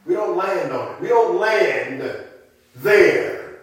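A middle-aged man preaching a sermon as pastor, emphatic and calling out amens, rising at times to shouts. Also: sits high, expressive, slow. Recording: echoey room.

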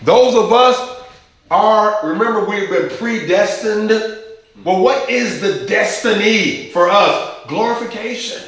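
Speaking slowly in a high, slightly bright voice, a man preaches fervently as pastor. He repeats phrases for emphasis and gets his congregation answering back, all captured in a very echoey church hall.

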